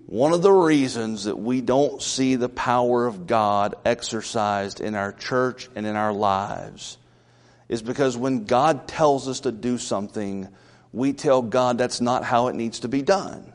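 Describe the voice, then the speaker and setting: A man's voice: mid-range voice, unhurried. A male pastor preaching a sermon in a church, emphatic and questioning the congregation. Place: church sanctuary. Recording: long reverb of a large church.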